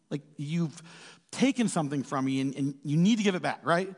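A man preaching a casual sermon in a lively way, acting out quotes in different voices. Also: a little high, quick pace. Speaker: pastor. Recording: reverberant hall.

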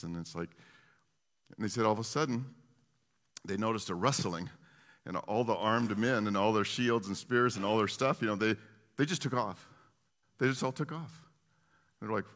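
A man giving a casual, animated Bible teaching, with lots of fillers and restarts. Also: lowish voice, normal speed, pauses often, in a large hall.

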